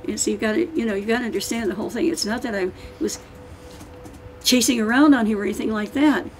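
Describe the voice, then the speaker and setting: A woman's voice: fairly high pitch, quick pace, soft background music, poor audio. An older woman, an author, talking casually and emphatically to an audience, rambling and restarting as she goes. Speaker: author giving a book-signing talk.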